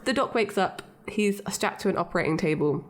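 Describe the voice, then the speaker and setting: A woman co-hosting a podcast in casual chat, lively and chatty, often laughing. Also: mid-range voice, a little fast. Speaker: podcast co-host.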